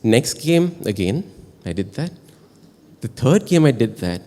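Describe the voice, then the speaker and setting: Animated Indian man telling a story on stage. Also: mid-range voice, unhurried, big-room sound. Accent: Indian English. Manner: animated, chatty, asks the audience questions. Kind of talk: live storytelling performance. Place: stage in a performance hall.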